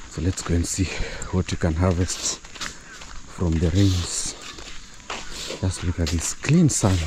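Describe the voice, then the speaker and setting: A man's voice: low-pitched, dark tone, a little hiss or hum. A man vlogging casually on his farm, chatty and loose with fillers and restarts, out of breath from walking uphill. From East Africa. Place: outdoors on a rural farm.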